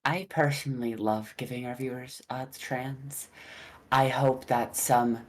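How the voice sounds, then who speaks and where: A podcast co-host with a dry, teasing, deadpan way of talking in casual chat. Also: mid-range voice, measured pace. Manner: dry, teasing, calls partner "darling".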